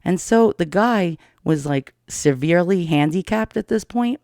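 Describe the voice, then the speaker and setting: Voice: medium pitch, lively intonation, unhurried, vocal fry, darkish tone, no echo, clean studio sound. A middle-aged storyteller from Queens, telling a personal story in a blunt, profane, darkly amused way. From Queens, New York.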